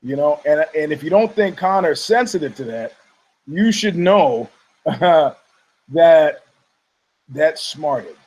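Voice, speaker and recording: A man's voice: fairly high pitch, expressive, slow, long pauses, a little mellow, poor audio. A man hosting a podcast, ranting casually about fight news in a rambling, profane way, laughing often and mocking people in put-on voices. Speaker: podcast host.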